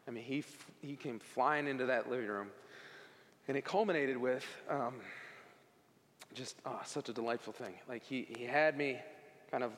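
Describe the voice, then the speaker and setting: A man giving a personal testimony at a worship service, in animated, conversational storytelling. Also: medium pitch, normal speed. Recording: long hall reverb.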